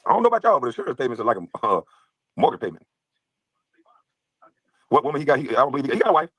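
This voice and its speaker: A man tears through a heated rant at a rapid clip, mocking and trash-talking, laughing between jabs. His voice is husky and swings widely in pitch. The recording is dry and close. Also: big pitch swings, a bit bright, no room sound. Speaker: guest streamer. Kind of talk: heated ranting chat.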